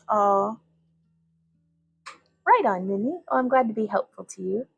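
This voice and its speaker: A woman's voice: medium pitch, normal speed, gravelly, breathy edge, dull audio, soft background music. A young woman hosting a casual glass bead livestream from her home workbench, chatting and rambling as she greets viewers. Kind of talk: casual craft demonstration livestream.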